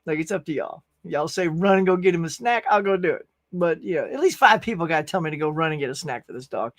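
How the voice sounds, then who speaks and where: A man's voice: fairly high pitch, animated, fast talker, no echo. A man hosting a casual movie-talk livestream, reading viewer comments aloud and bantering with the chat. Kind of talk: casual live-stream chat.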